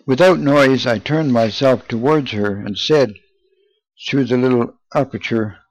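A man giving an earnest, measured, solemn reading of a first-person memoir. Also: mid-range voice, no echo. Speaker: narrator. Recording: dull lo-fi, dry.

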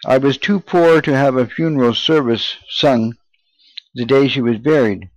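A man's voice: mid-range voice, moderate pace, no echo, lo-fi sound, close to an everyday voice. Brief: male narrator doing a ragged, grieving poor man, trembling and begging, dry close sound. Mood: pleading. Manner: trembling, pleading.

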